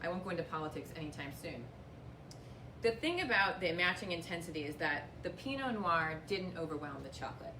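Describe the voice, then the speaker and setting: A woman walks viewers through a wine tasting in a chatty, upbeat way, with a few jokes at her own expense. Her voice sits somewhat low. The camera mic catches her from a distance in a roomy, echoing tasting room. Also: noisy background. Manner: chatty and upbeat, with light self-mocking humor. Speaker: winery host giving a tasting lesson. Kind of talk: casual instructional demonstration. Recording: echoey room, voice picked up from a distance.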